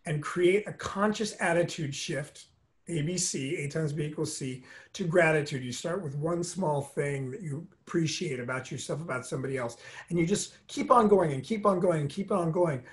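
A middle-aged man, a drummer and motivational speaker, telling his story in an earnest, emphatic interview manner. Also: normal speed. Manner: earnest, motivational, emphatic with soft lowered passages.

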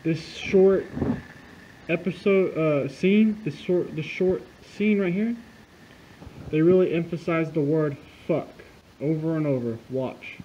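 A man's voice: a little high, takes it slowly, warm tone. A man talking over a video clip, profane and insistent as he explains a hidden message. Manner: profane, insistent conspiracy talk. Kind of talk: casual video commentary. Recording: dull lo-fi sound with clear noise.

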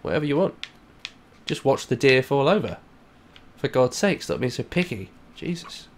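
A man giving rambling, self-mocking let's play commentary that breaks into loud, excited yells and swearing. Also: medium pitch, normal speed. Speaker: gaming channel host.

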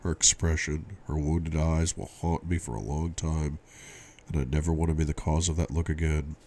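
A man voicing a brooding, quick-tempered young man in an audiobook reading, with tense, clipped replies. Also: a bass voice, level tone, a little mellow, a little hiss or hum. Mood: tormented.

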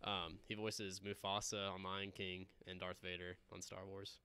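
A young man from the Midwest with a smooth radio voice, chatting casually as a podcast host and laughing often. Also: sits low, a little slow. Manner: laughs often, relaxed storytelling. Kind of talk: casual chat.

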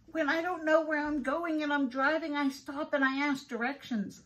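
Earnest high-voiced woman giving a devotional. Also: moderate pace, few pauses, poor audio. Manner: earnest, heartfelt, repeats herself. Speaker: prayer podcast host. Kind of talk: devotional talk.

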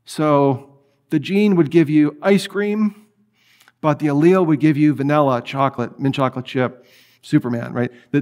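Male lecturer, higher-set voice, chatty teaching style, animated delivery. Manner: conversational, animated, with many restarts. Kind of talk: apologetics lecture.

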